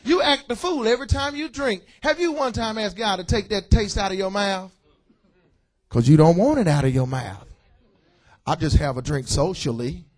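Preacher, male, high and animated, playful call-and-response sermon style. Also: normal speed. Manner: lively, joking preaching with call-outs to the congregation. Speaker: pastor. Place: church.

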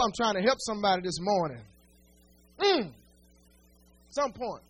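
A man's voice: high voice, big pitch swings, a little slow, long pauses, fairly bright tone, faint music behind. A male pastor preaching a sermon, speaking right to his congregation with folksy humor and repeated, building phrases.

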